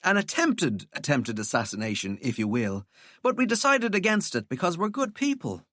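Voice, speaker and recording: A man's voice: fairly high pitch, very animated, normal speed, fairly bright tone, no room sound, pitched above the performer's own voice. A man voicing a wry, sarcastic young woman with a dry, teasing delivery.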